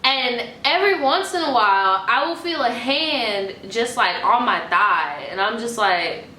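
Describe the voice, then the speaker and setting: A young woman with a high, bright voice tells a story in a casual, animated way, swearing freely. The room is echoey with faint music behind her. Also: unhurried, a little hiss or hum. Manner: profane, animated. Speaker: vlogger.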